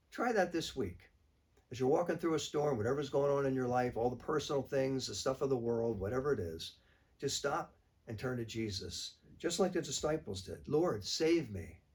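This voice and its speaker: A man's voice: mid-range voice, a little mellow. Man, priest, casual spoken reflection, mid-range voice, easygoing delivery. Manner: conversational, plain-spoken with frequent fillers. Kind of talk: short weekly reflection sermon.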